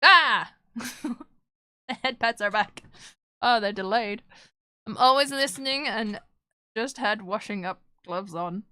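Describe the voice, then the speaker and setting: A woman's voice: mid-range voice, unhurried, long pauses, sharp tone, clean tone, no room sound. A woman streamer chatting casually with her live chat while she draws, joking and self-deprecating.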